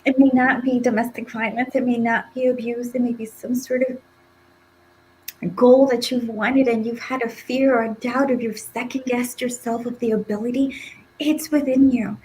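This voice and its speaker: Woman, forties, from Nicaragua, emphatic motivational guest, fairly high voice. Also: fairly even intonation, normal speed, a little mellow, slight background noise, rough recording. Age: 40s. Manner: emphatic, heartfelt and encouraging. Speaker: podcast guest. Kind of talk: motivational talk.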